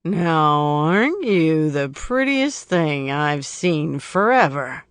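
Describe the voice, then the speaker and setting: An audiobook narrator voicing a loud, leering drunk American man from Chicago, his words slurred. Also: mid-range voice, huge pitch swings, very slow, creaky, no room sound, full character voice.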